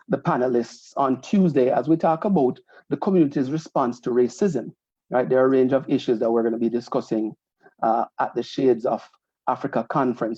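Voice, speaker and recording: Mellow man, muffled lo-fi sound. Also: mid-range voice, husky, no echo. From Jamaica. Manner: conversational, often adding a questioning "right?". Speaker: host of a community association show. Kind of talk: casual community announcements. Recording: slightly muffled lo-fi recording.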